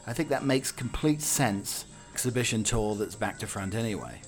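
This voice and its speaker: A man's voice: on the low side, expressive, moderate pace, soft background music. A man hosting a podcast, riffing jokingly with lots of fillers and restarts. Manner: rambling, jokey, filler-heavy. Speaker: podcast host. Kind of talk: casual solo commentary.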